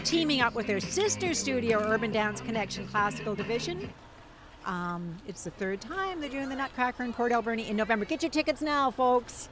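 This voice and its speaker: A woman with a high voice does live commentary at an outdoor parade. She exclaims eagerly at each group that passes. Music plays clearly behind her. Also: lively intonation, brisk. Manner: enthusiastic, exclaiming.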